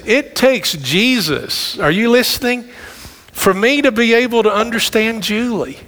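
A middle-aged male pastor delivers a sermon in a church sanctuary, his voice sitting a little higher than most men's. He talks conversationally and throws quick asides to the congregation. A long reverb trails behind his words. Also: sharp tone.

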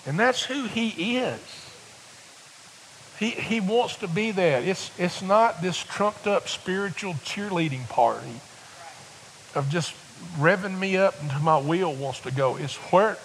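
A man's voice: fairly high pitch, vocal fry, a bit bright, slight background noise, low-quality recording. A middle-aged man preaching a sermon in a folksy, rambling storytelling way, full of restarts and building to fervent exhortation. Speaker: visiting preacher.

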